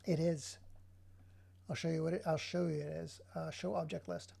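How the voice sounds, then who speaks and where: A man's voice: a little high, level tone, moderate pace, gravelly, mellow. A man casually commenting on his digital art work, drifting into sarcastic, rambling rants. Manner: rambling, sarcastic ranting asides. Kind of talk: casual running commentary while working.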